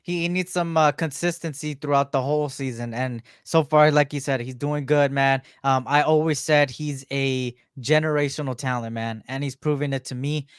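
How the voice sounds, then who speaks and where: Smooth-voiced laid-back podcast co-host, a man. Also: medium pitch, fairly even intonation, moderate pace, hardly any pauses, dry recording, clean studio sound. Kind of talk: casual sports podcast chat.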